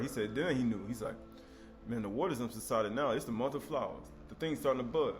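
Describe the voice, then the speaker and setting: A man's voice: mid-range voice, fast, faint music behind. A man preaching an informal sermon, reading scripture and breaking into conversational asides and rhetorical questions.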